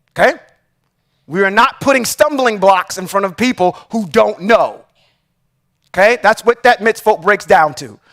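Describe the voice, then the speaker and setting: Male livestream Bible teacher, higher voice, slow emphatic verse reading, conversational asides. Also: lively intonation, fairly bright tone. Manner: reads verses slowly and emphatically, then comments with rhetorical questions; often checks in with "okay?". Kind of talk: reading and teaching scripture on a live stream.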